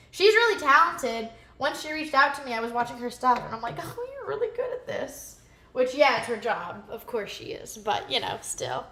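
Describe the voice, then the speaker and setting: Bright, goofy woman. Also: on the high side, reverberant. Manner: goofy, rambling, chatty. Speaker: vlogger cooking live. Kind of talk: casual livestream chat while cooking. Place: home kitchen.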